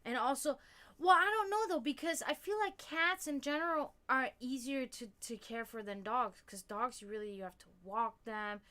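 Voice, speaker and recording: A woman with a somewhat high, bright, tense voice hosting a casual livestream. She talks straight to her viewers in loose, rambling stretches full of fillers and restarts. Now and then she drops a casual swear word. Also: moderate pace. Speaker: livestream host. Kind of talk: casual chat with stream viewers.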